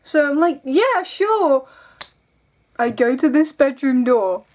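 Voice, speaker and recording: A woman's voice: high-pitched, moderate pace, a little mellow. A young woman vlogging at home, telling stories in a rambling, giggly way. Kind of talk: casual vlog chat.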